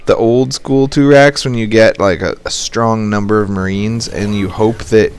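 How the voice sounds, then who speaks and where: A man's voice: steady tone, moderate pace, clear, resonant tone, no echo. A young man giving casual, joking commentary over a strategy game at his computer, explaining tactics. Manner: joking, playful, jumps into high squeaky voices when quoting. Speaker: game caster and coach.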